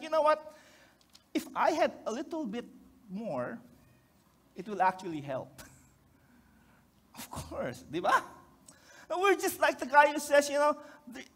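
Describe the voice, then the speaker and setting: High-voiced Filipino pastor preaching. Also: male voice, fairly bright tone. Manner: joking, keeps asking the congregation for responses. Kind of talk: conversational sermon.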